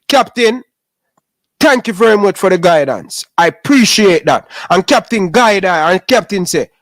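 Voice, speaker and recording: A man's voice: sits high, normal speed, no room sound. A man with a Jamaican accent in heated casual sports talk on a podcast, calling his co-host "brother" over and over. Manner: animated, repeats "brother" often.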